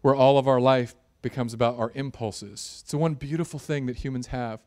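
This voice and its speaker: A man preaching a sermon, animated and jokey, building in intensity at times. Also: mid-range voice, a little fast. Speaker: pastor.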